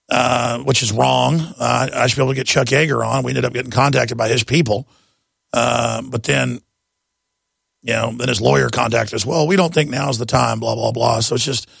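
Raspy, blown-out man on talk radio. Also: medium pitch, fairly bright tone, no echo, studio quality. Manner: wound up, jabbering, emphatic. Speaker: radio talk show host. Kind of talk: fast rambling talk radio monologue.

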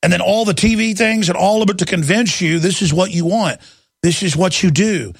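A man's voice: high-pitched, moderate pace, breathy edge, dry recording, clean studio sound. A man hosting a talk radio show, ranting heatedly from one news item to the next and mocking his critics. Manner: heated, ranting, jumps between news items; mocks opponents in put-on voices.

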